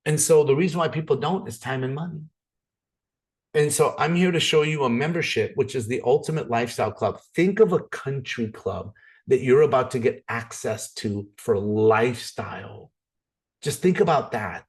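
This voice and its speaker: A man giving an energetic, persuasive sales presentation, often repeating words as he pushes ahead. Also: medium pitch, moderate pace.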